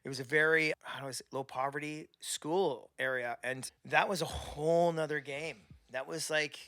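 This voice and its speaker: A middle-aged Canadian man tells stories as a podcast guest, with a higher, bright voice and a gravelly edge. He is animated and slips into quoted voices mid-story. The sound is close and dry. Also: normal speed, no room sound. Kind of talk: casual chat.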